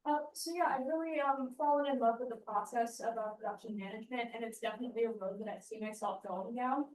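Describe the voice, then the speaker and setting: A young woman student asks a polite question at a panel, her voice a bit high and slightly nervous and halting. The sound is roomy and distant, with faint noise behind. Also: darkish tone. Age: young adult. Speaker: student producer asking a question. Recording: echoey, far from the mic, faint noise.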